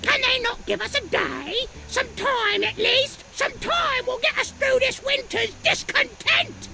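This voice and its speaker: A fretful, gravelly old-timey wife. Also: female voice, very high-pitched, lively intonation, unhurried, heavily acted. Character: worried old-fashioned wife pleading.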